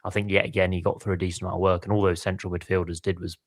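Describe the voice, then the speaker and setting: A deep male voice with an English accent, recorded close and dry. He talks football casually but analytically, thinking aloud and pulling up player stats. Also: level tone, racing, no room sound. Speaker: podcast co-host.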